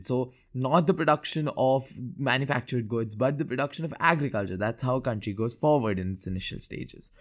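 A young man hosting a solo podcast episode, talking casually about current affairs, often stammering and repeating words and laughing at himself. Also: mid-range voice. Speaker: podcast host.

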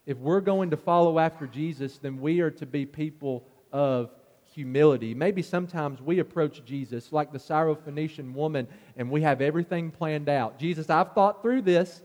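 A man's voice: moderate pace, darkish tone, in a large hall. A man preaching a sermon, earnest and rising in force as he drives his points home. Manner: earnest, builds in pitch and force on key points.

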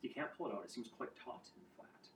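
A man narrating as game master of a tabletop game, with halting, restarting descriptions. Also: mid-range voice, animated. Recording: roomy, distant mic with clear background noise.

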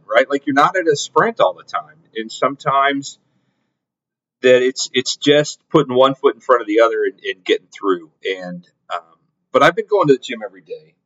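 A man's voice: medium pitch, a bit bright. A middle-aged man telling a story in a casual podcast monologue, rambling with lots of restarts and repeated words. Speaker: podcast host. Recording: slightly dull lo-fi audio.

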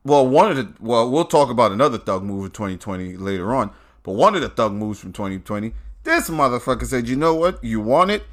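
A man's voice: on the low side, expressive, quick pace, a bit bright. Blunt, heavily swearing New man. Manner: blunt, heated, swears constantly. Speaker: podcast host. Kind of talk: profane ranting commentary.

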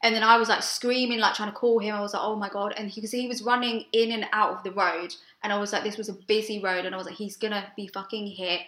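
Brief: young woman, podcast co-host, bright tone, roomy echo, candid storyteller. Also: medium pitch, quick pace, few pauses. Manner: storytelling, swears freely, animated when excited. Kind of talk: casual chat.

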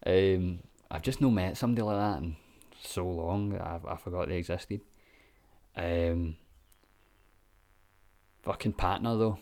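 A man's voice: deep voice, a little slow, a little mellow. A Scottish man giving laid-back, sweary reaction commentary with lots of ums and chuckles. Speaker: vlogger.

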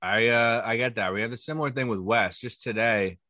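Bright-voiced man in wry banter. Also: medium pitch, fairly quick, dry recording. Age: young adult. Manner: wry, observational, poses questions to co-host. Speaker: podcast co-host. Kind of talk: casual comedic chat. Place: New York area.

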